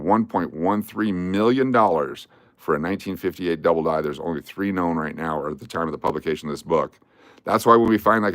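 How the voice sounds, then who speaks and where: A man's voice: low-pitched, fairly bright tone, no room sound, studio quality. A man hosting a casual livestream, chatting in a rambling way and reading out viewer names and requests. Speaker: livestream host.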